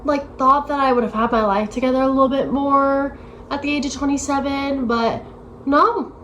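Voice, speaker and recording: A woman's voice: sits high, fairly even intonation, normal speed, fairly bright tone, highs cut off, a little hiss or hum. A woman in her late twenties talking casually to camera in a rambling, self-deprecating way, full of "like" fillers. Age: 20s. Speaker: vlogger. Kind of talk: casual vlog chat. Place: at home, moving to her desk.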